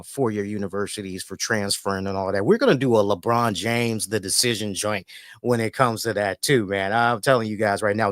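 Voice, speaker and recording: A man's voice: on the low side, no room sound, studio quality. Chatty man hosting a wrestling show. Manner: animated storytelling with filler words. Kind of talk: casual chat.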